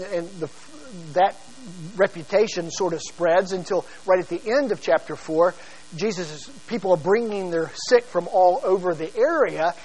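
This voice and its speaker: A man's voice: high-pitched, rough recording. A man preaching in a conversational Bible study style, with frequent fillers and restarts.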